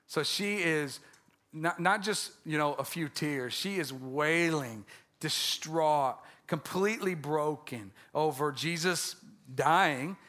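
A man's voice: on the high side, slow, pushed and bright. A man preaching a conversational Easter-style sermon as pastor, joking with the congregation and often restarting his words.

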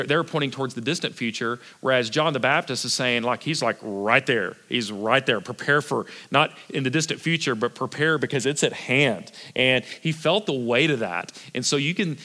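Middle-aged guy preaching a sermon, bright forceful voice, super casual and rambly with lots of "like". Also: medium pitch. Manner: conversational, filler-heavy preaching with frequent "like" and restarts. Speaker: pastor.

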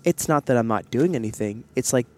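A man of ordinary pitch talks openly and at length, wandering through his story with lots of "like" and "you know," stopping to explain himself as he goes. He sounds like a podcast host chatting with a friend while out in public, speaking into a headset mic. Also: lively intonation, fairly quick, dark tone. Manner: candid, rambling storytelling with many fillers and asides. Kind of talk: casual chat. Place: outdoors in public, wearing headsets.

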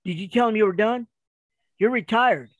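A man voicing his exasperated wife, who fires off sharp, rapid questions at him. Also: sits high, no room sound, highs cut off, pitched above the performer's own voice, natural voice. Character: exasperated wife, adult woman, scolding.

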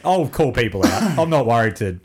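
A man's voice: mid-range voice, a little fast, crowd noise. A younger Australian man, a podcast guest, telling stories in casual chat with plenty of swearing. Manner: swearing, storytelling, animated.

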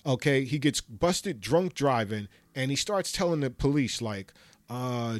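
A man's voice: mid-range voice, unhurried, no echo. A man giving an impassioned, profane solo commentary, talking emphatically and ranting. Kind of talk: impassioned monologue.

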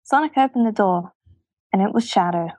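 A woman reading a story aloud in a matter-of-fact, deadpan way on a comic podcast. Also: mid-range voice, brisk, dry recording, poor audio.

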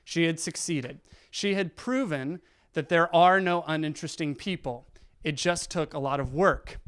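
Man, higher voice, smooth, clear, storytelling, acts out dialogue. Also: normal speed, fairly bright tone. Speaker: guest speaker. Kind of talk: storytelling talk.

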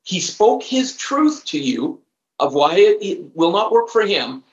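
A man voicing his calm, blunt wife, who talks in firm, questioning, matter-of-fact sentences. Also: mid-range voice, unhurried, pitched above the performer's own voice. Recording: roomy, slightly dull recording.

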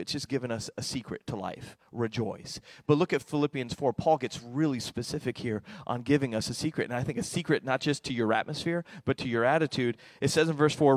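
In a dry recording, a middle-aged man with a mid-range voice delivers a lively sermon as pastor. His preaching alternates between hushed, intimate passages and loud bursts of excitement.

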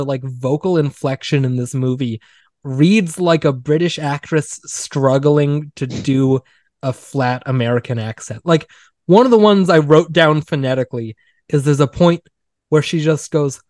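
A podcast host, a man whose voice sits a touch high, talks in a loose, wry way and keeps slipping into mocking quoted line readings. The sound is close and dry with no room echo. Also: unhurried, a little mellow. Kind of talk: casual film discussion.

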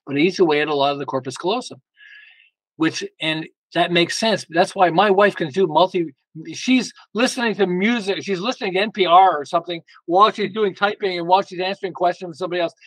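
A man speaking as a guest in an interview, an emphatic, lively storyteller who often restarts his sentences. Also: high voice, fast, dry recording, rough recording. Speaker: guest author. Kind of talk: casual interview talk.

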